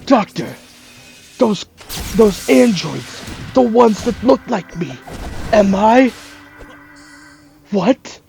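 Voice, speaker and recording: A man voicing an earnest young male hedgehog, drawn-out and alarmed. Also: high-pitched, expressive, gravelly, a little mellow, soft background music, voice pushed up, exaggerated voice.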